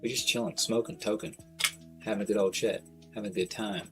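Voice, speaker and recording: A man with a low, deep voice talks casually on a livestream, rambling from one thought to the next. His speech is slangy and full of swearing. Soft guitar music plays quietly in the background. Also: steady tone, fairly quick. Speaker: streamer.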